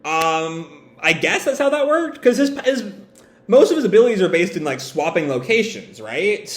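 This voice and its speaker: A man's voice: sits high, sing-song, normal speed. A man reads comics aloud in a casual, musing way, breaking off for his own asides. His voice rises and falls a lot. The room he is in echoes noticeably. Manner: musing, lots of fillers and asides. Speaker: manga reader. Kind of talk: casual read-aloud with commentary.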